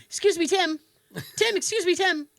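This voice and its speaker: A woman's voice: very high voice, moderate pace, vocal fry, a bit bright, no room sound, studio quality, voice pushed up, full character voice. A woman imitating a chatty male patient who keeps calling out for a nurse. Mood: insistent. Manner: insistent, repetitive, pleading. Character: clingy chatty man on a hospital stretcher.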